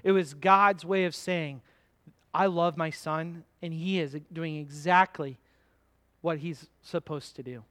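High-voiced pastor preaching. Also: male voice, fairly even intonation, a bit bright. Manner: conversational, asks the congregation questions; slows down to stress key scripture words. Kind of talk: sermon.

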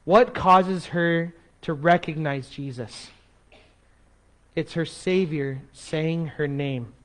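A man preaches a sermon as a pastor, his fairly high voice expressive throughout. To drive a point home, he drops into a soft, slow tone.

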